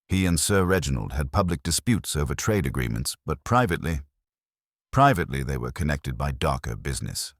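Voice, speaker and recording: A man voicing a brisk, practical police inspector who speaks in a firm, matter-of-fact way. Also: a bass voice, sing-song, dry recording, studio quality, exaggerated voice. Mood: reporting.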